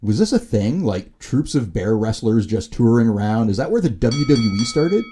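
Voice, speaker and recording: A man's voice: medium pitch, very animated, moderate pace, mellow, husky. A man co-hosting a podcast, riffing sarcastically in casual chat. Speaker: podcast co-host.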